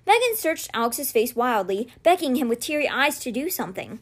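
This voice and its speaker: A woman reading a children's novel aloud in a steady, gentle storytelling manner. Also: high-pitched, fairly quick. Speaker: read-aloud podcast host.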